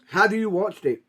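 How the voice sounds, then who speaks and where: A man's voice: high voice, pushed and bright, slightly rough. A man co-hosting a casual wrestling podcast who teases his co-host in a playful way. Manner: teasing, playful.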